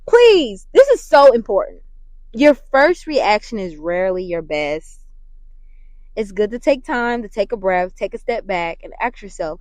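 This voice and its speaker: Woman host, faith-based motivational talk, swings from hushed to shouting, pitched a little high, dry close sound. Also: no echo, poor audio. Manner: animated, preachy, often apologizes and laughs. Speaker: podcast host and mentor.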